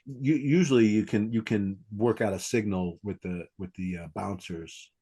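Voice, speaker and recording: A man's voice: on the low side, moderate pace, mellow, breathy edge. A man hosting a podcast about stand-up comedy, talking casually and animatedly, acting out quoted lines. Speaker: comedy coach and podcast host.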